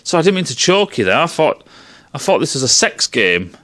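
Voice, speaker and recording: A sheepish little alien face-hugger, as a man puts it on, apologizing with awkward politeness. The voice rises and falls in lively swings, sitting a touch high. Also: a little fast.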